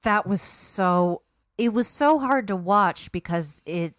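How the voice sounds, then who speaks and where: A woman co-hosting a podcast, chatting casually, frank and deadpan. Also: medium pitch, slow pace, no echo, clean studio sound. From Britain. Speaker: podcast co-host. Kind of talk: casual chat.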